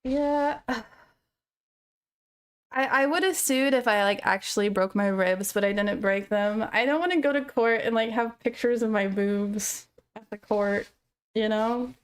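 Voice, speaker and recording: A woman's voice: on the high side, measured pace, clean tone. A young woman streaming live, chatting casually with viewers and telling a story with laughs. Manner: chatty, laughing storyteller reading chat aloud.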